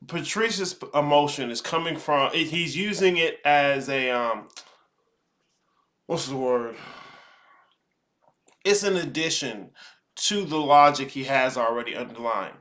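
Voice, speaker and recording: Bright-voiced man talking to his live chat. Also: a little high. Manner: relaxed, thoughtful, says um often. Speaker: host reacting to a clip. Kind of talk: casual commentary to a live chat.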